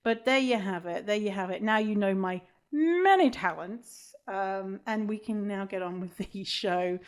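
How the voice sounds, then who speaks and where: A woman's voice: medium pitch, measured pace. A woman hosting a podcast in casual chat, joking at her own expense and swearing freely. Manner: self-mocking, swears freely. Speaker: podcast host.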